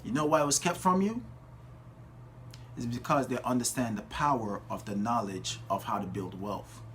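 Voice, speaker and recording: A man giving an impassioned motivational speech in a preachy way, building to loud, emphatic peaks and stretching words out for emphasis. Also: medium pitch, a little hiss or hum. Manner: slows to drawn-out words for emphasis. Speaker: motivational speaker.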